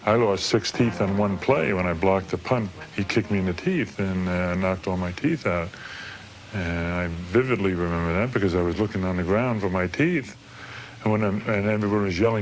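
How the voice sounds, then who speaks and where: A former football player recalling stories in an interview, relaxed and rambling. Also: male voice, low-pitched, moderate pace. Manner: relaxed, rambling, many fillers. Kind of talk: anecdotal storytelling interview.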